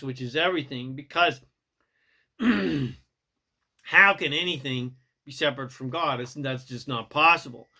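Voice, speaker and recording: A man's voice: mid-range voice, pushed and bright. A middle-aged man giving a spiritual message in an irreverent, profane and emphatic way. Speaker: spiritual teacher.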